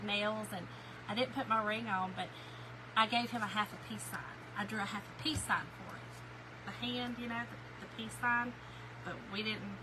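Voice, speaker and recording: Chatty high-voiced woman. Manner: chatty storyteller, talks straight to viewers and greets them by name. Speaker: craft live-stream host. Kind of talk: casual live-stream chat. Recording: noticeable background noise.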